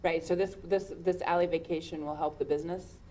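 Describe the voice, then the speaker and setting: A woman chairing a city commission meeting as mayor, brisk and conversational. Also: fairly low pitch, steady tone, mellow. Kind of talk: formal public meeting.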